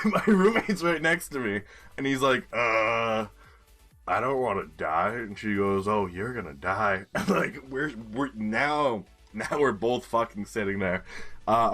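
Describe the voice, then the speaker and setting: A man in his twenties doing casual gameplay commentary as a streamer, telling a story in an animated way with casual swearing. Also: lowish voice. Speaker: game streamer.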